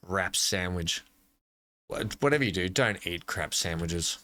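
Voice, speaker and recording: A man's voice: low-pitched, lively intonation, a little slow, pushed and bright, a little hiss or hum. An Australian man hosting a casual gameplay commentary, chatty and jokey, talking to himself as he plays. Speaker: gaming channel host.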